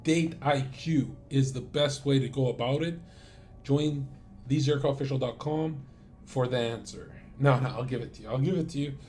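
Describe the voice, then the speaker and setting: A man's voice: medium pitch, normal speed, darkish tone, faint music behind. A man streamer talking in a casual, crude and rambling monologue full of swearing.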